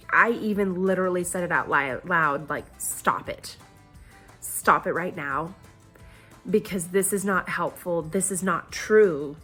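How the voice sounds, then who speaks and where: A woman's voice: on the low side, a bit bright. A young woman talking to camera in a casual, earnest way, rambling a little, with many ums and short laughs between her thoughts. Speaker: vlogger on a health challenge.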